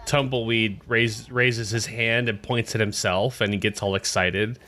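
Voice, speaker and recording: A man's voice: on the low side, steady tone, measured pace, sharp tone, a faint crowd. A man narrating as game master in a loose, casual way with many fillers.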